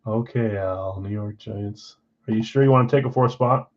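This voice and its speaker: A man hosting a live card-break stream in casual chat, rattling off names and teams, swinging between loud calls and quiet asides. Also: fairly low pitch, normal speed, highs cut off.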